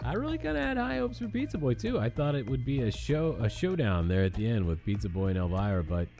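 A man co-hosting a podcast in casual chat, animated and quick to laugh, on a cheap computer mic. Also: medium pitch, soft background music. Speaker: podcast co-host.

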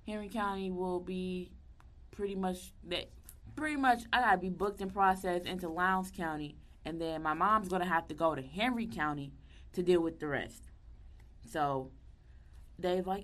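A young woman tells a personal story in a casual, animated way. Her voice sits low, and she jumps into the voices of the people she quotes. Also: moderate pace.

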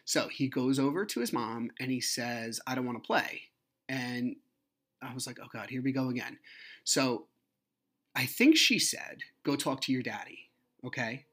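A man in his thirties hosts his own podcast, retelling a personal story in a blunt, profane way. His voice sits at an ordinary middle pitch, and his talk is heated and frank. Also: normal speed, fairly bright tone. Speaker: podcast host.

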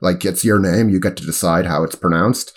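A man talks casually on a sports podcast in a somewhat low voice. He hesitates often, fills gaps with ums and restarts his sentences. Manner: halting, hesitant, lots of ums and self-corrections. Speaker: podcast co-host and sports writer. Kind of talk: casual chat.

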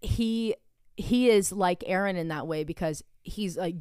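Smooth-voiced woman telling a profane story. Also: lowish voice, unhurried, warm tone, dry recording, clean studio sound. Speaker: podcast host. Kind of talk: casual chat.

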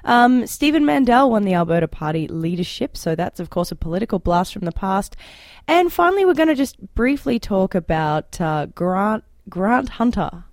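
A young Australian woman hosts a podcast with playful, easy chatter and frequent laughs. Her voice is close and dry, with no room around it, and sits at an ordinary middle pitch. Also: big pitch swings, moderate pace, darkish tone, no echo. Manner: playful, laughs often, tries out accents. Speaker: podcast host. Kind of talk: casual panel chat.

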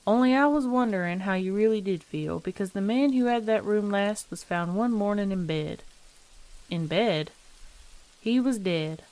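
A woman voicing a sly old landlady who talks in a slow, metallic, folksy drawl, coolly unbothered. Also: mid-range voice, a little mellow, close to an everyday voice. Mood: gossipy.

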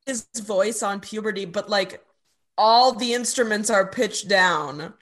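Woman co-host, mid-pitched bright voice, talks through chords and theory in casual chat. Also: a little slow. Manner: analytical, explains music theory. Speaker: podcast co-host.

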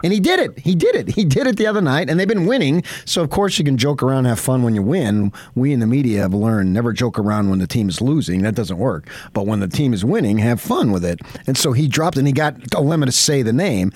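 A man's voice: mid-range voice, expressive, fast talker, few pauses, darkish tone, no room sound. Man hosting sports radio, rambling, enthusiastic, dry close sound. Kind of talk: casual radio chat.

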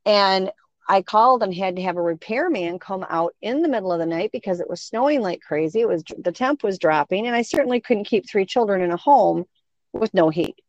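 A woman's voice: medium pitch, brisk, no room sound. A middle-aged woman telling stories in a casual chat, acting out the voices of the people in them. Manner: animated, acts out quoted voices. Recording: dull, dry sound.

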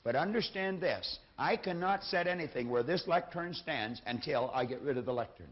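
A man giving a motivational lecture from a lectern, speaking emphatically and repeating his key phrases. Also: medium pitch. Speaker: seminar speaker. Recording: dull lo-fi recording.

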